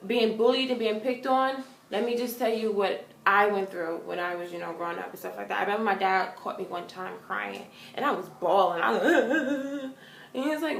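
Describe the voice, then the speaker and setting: A young woman vlogging casual advice to her viewers, earnest and big-sisterly, getting animated when she tells stories. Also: mid-range voice, normal speed, vocal fry. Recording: echoey room.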